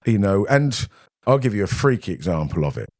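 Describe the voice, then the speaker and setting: Low-voiced British man telling stories. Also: very animated, fairly quick, darkish tone, dry recording, clean studio sound. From Britain. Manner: rambling anecdotes, often acting out quoted voices. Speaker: podcast guest. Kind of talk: casual storytelling.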